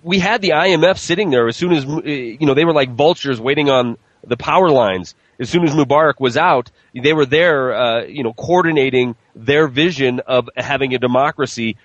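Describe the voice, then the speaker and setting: A military veteran speaking as a guest in a casual political chat, halting with many restarts and fillers. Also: male voice, mid-range voice, no echo, lo-fi sound.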